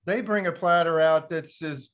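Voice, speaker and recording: A man hosts a relaxed church panel discussion, spinning stories and laughing as he goes. His voice sits a little high for a man. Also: normal speed. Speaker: pastor and panel host.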